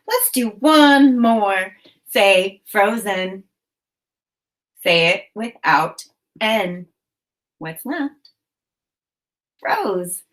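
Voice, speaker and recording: A woman teacher leading a children's phonics lesson, speaking in slow, clearly enunciated prompts with encouragement. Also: mid-range voice, fairly bright tone.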